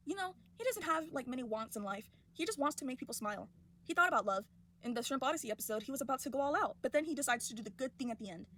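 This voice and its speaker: A woman's voice: high-pitched, sharp tone. A young adult woman and college student ranting casually and indignantly about a cartoon character. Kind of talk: casual rant vlog.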